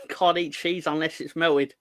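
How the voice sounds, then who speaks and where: Man, host, higher-pitched voice, playful and rambling, close dry sound. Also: little pitch movement, a little slow, fairly bright tone, no echo. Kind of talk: casual live show chat, reading viewer comments.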